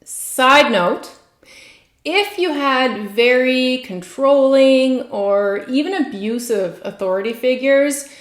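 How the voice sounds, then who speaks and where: A woman practitioner guiding a tapping session in a gentle, soothing, encouraging way. Her voice is high and melodic, moving freely up and down. The sound carries the echo of a room. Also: lively intonation, slow. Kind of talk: guided tapping instruction.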